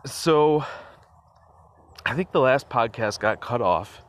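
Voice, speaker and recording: A man hosts his own casual solo podcast, rambling off on tangents, chuckling often and using plenty of fillers, all recorded on a phone. His mid-range voice has lively intonation and a slow pace, with slight background noise.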